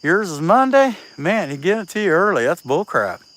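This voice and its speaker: Panting as he carves, a chainsaw artist from Southeast Ohio chats and cracks jokes with livestream viewers at a rural outdoor spot, reading their names in a folksy country Appalachian-leaning accent. His high voice swings widely in pitch and has a fairly bright tone; he talks fairly quickly, and the audio is poor.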